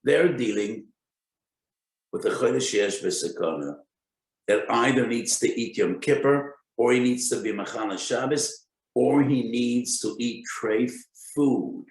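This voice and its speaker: A man giving a Torah lecture as a rabbi, speaking deliberately and citing sources with Hebrew terms. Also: mid-range voice, reverberant, rough recording. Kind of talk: Torah lecture on Jewish law.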